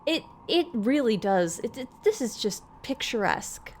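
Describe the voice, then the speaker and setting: A woman with a slightly high voice doing live let's play commentary. She reads game dialogue aloud and breaks off to chat with her viewers. Her voice is close on a desk mic in a home setup. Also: sing-song, moderate pace, a little hiss or hum. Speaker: streamer.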